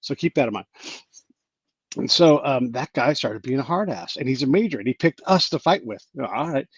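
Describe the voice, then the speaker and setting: Male podcast host, husky and lively, storyteller who plays every part; dull dry lo-fi recording. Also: a little fast, dry recording. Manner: animated, acts out quoted people with big pitch jumps. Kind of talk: casual storytelling chat.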